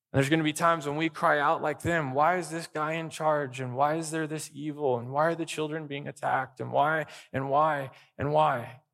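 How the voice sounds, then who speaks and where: A man's voice: on the high side, fairly bright tone. A pastor preaching a sermon, stressing his points with repeated lists. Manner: emphatic preaching with list-like repetition.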